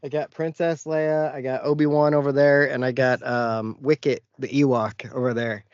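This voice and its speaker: Speaking at a moderate pace with a medium, fairly monotone pitch, this podcast co-host sounds a little mellow and clean-toned. The recording is dry and muffled, and he laughs often as he tells wandering stories in relaxed chat.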